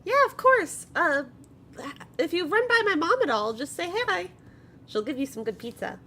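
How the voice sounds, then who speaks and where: A woman voicing a small, shrill-voiced caller who rambles hesitantly and apologetically. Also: sing-song, normal speed, sharp tone, a little hiss or hum, full character voice. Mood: cheerful.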